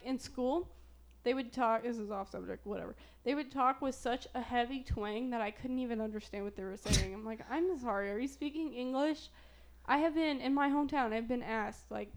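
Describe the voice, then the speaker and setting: A woman's voice: a little high, vocal fry. A young woman from Southern Illinois hosting a casual true-crime podcast, chatty with trailing fillers. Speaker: podcast host.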